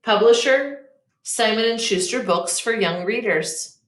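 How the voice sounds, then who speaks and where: A woman teacher reading a children's picture book aloud, slow and expressive, in an echoey room. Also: on the high side.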